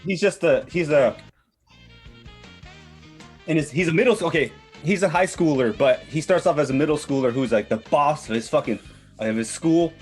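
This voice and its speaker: A man's voice: on the high side, moderate pace, pauses often, faint music behind. A man in his thirties hosting a podcast, recapping a manga in a rambling, profane way. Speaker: podcast host presenting a manga. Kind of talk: casual chat.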